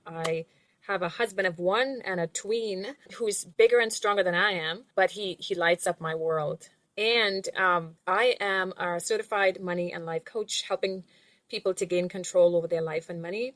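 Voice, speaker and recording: A woman guest on an interview podcast, a money and life coach, speaking in an earnest, measured way. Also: lowish voice, a bit bright, dry recording. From outside the US. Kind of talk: reflective interview answers.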